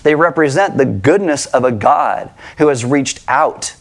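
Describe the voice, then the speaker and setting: A middle-aged man preaching a sermon to his congregation, conversational and animated, asking rhetorical questions. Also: medium pitch, a little slow. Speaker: pastor. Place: church sanctuary with congregation.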